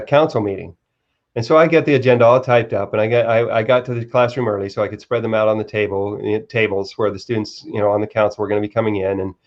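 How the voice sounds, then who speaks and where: A man's voice: medium pitch, muffled recording. A man who is a guest author, earnestly telling a personal story in a live-stream interview, often restarting his sentences. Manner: earnest, halting with repeated restarts.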